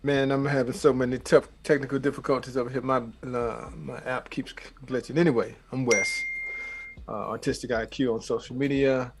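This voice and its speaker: A man from Los Angeles co-hosting a podcast, signing off in a rushed, quiet way. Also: medium pitch, little pitch movement. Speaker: podcast co-host. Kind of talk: casual sign-off.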